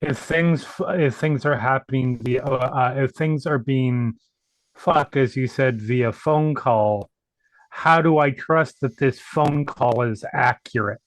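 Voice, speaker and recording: A man playing a tabletop game, asking careful, deliberate questions. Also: medium pitch, no echo. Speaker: player. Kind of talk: casual tabletop game chat.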